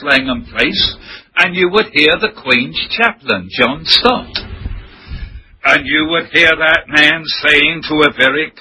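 A man preaching a sermon in a slow, emphatic way, full of rhetorical questions. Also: on the high side, bright, forceful tone, husky, low-quality recording.

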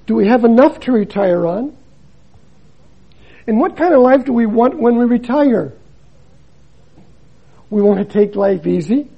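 An older man, a missionary preacher, giving a dramatic sermon that swings between loud emphasis and hushed drops. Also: very high-pitched, lively intonation, unhurried, creaky, long pauses, husky, muffled recording.

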